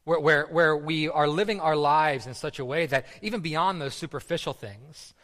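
A man's voice: fairly high pitch, moderate pace, fairly bright tone. A man preaching a sermon in a casual, conversational way, often repeating words and using fillers. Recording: long reverb of a hall.

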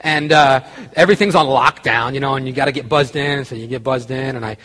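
A man preaching a conversational sermon, telling a story with restarts and growing quiet and earnest. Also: medium pitch, fairly quick, big-room sound. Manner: conversational, self-interrupting, grows quiet and earnest. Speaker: pastor.

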